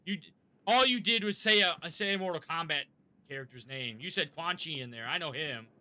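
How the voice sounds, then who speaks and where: Bright-voiced rambling streamer man. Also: a little high, fairly quick. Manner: rambling, swears freely, talks to chat. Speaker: live-streaming gamer. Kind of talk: casual live-stream chat.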